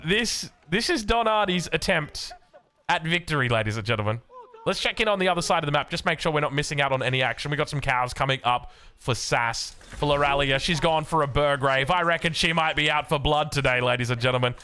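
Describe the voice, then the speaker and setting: A young Australian man casting a strategy video game match, getting excited and rising in pitch as the action picks up. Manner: excitable, rises sharply when action picks up. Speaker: game caster. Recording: faint music behind.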